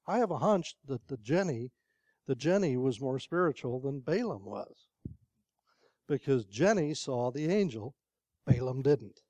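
A man's voice: mid-range voice, expressive, unhurried, dark tone, no room sound. An older man preaching a sermon in a conversational storytelling way, asking the congregation questions.

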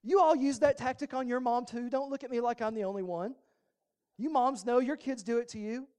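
A man's voice: very high voice, a little fast, a little mellow, clean tone. Conversational male pastor preaching. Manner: conversational preaching with humorous asides. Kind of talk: sermon.

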